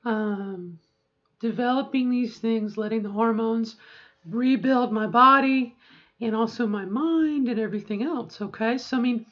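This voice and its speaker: A middle-aged woman speaks in a candid, chatty way, restarting her sentences as she goes. Her voice sits a little high. The sound is dull and lo-fi, as in a home video diary. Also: measured pace. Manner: chatty, candid, self-interrupting. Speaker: vlogger.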